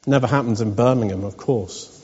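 A man's voice: mid-range voice, brisk, a little mellow, husky. A man giving a sermon in a wry, conversational storytelling manner. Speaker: preacher. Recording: dull recording in a reverberant hall.

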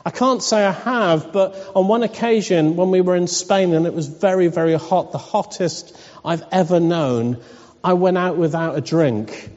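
A man preaching a sermon as pastor of a church, asking earnest, pleading questions and laughing softly now and then. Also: high-pitched, normal speed. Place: church hall. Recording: dull lo-fi church recording with long reverb.

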